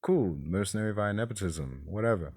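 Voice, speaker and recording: A man's voice: fairly low pitch, lively intonation, brisk, darkish tone, slightly rough. A man giving a casual, rambling film review, exasperated and swearing freely.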